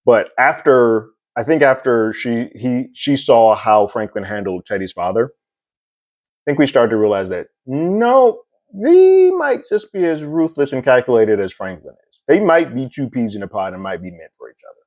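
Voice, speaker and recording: A man giving a casual, animated recap and review of a TV episode, chuckling often. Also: medium pitch, no room sound, dull audio. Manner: animated, chuckles often, slips into quick impressions.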